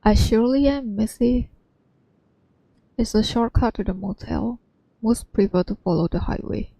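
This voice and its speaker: A woman's voice: on the high side, moderate pace, vocal fry, warm tone, slightly rough, dry recording. Woman doing a folksy motel maid with a drawl. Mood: sweet. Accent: attempted Texas drawl.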